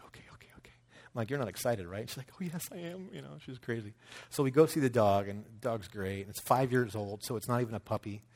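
A man's voice: medium pitch, darkish tone. A man in his thirties telling a personal story in a conversational sermon, acting out quotes as he goes. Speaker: pastor.

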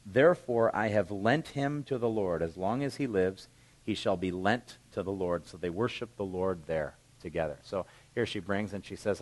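Lower-voiced pastor preaching conversationally. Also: male voice, moderate pace, poor audio. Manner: reads scripture then explains it conversationally. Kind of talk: sermon.

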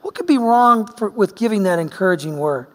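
In a large hall, a middle-aged Oregon pastor with a high voice delivers a sermon at a slightly fast clip. He's an animated storyteller, performing the different voices as he recounts a personal story.

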